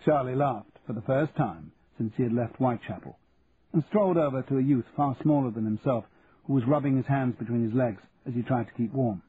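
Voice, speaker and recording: A man reading a novel aloud in a measured, even narration. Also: mid-range voice. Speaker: audiobook narrator. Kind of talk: scripted narration. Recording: narrow phone-like sound, faint hiss.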